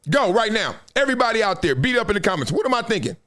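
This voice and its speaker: A man hosting a live sports talk stream, lecturing his viewers in a casual, slangy, animated way with laughs between points. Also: high-pitched, racing. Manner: animated, preachy, drops into quoted voices. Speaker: sports talk show host. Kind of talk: live-streamed commentary monologue.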